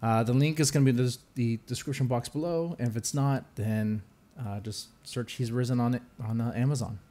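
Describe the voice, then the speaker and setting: A man hosting a casual podcast, talking loosely with quick jokes and frequent laughs. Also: mid-range voice, mellow. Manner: loose, jokey, laughs often, quick asides. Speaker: podcast host.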